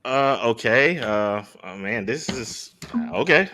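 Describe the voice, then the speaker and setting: Man, contestant, casual online game, hesitant, stammering, animated pitch. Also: takes it slowly, a little hiss or hum.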